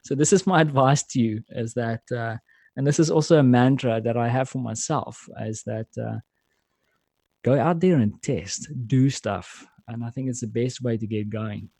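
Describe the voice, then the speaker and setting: A man's voice: mid-range voice, moderate pace, a little mellow, no room sound. A man from South Africa, a podcast guest in casual chat, telling stories in a friendly way and calling the host "man".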